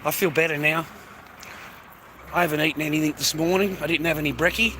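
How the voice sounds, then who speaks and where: A man's voice: a little high, fairly even intonation, quick pace, bright, forceful tone, a little hiss or hum. A middle-aged man, rambling and swearing while livestreaming on a phone, tired and coughing. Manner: swearing, rambling, calls listeners mate. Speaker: live streamer. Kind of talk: rambling casual livestream chat.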